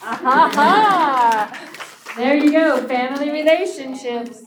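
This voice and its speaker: High-voiced woman teacher, echoey classroom. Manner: brisk and encouraging, quick praise. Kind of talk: running a class poetry reading. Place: classroom, indoors. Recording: echoey classroom, background noise.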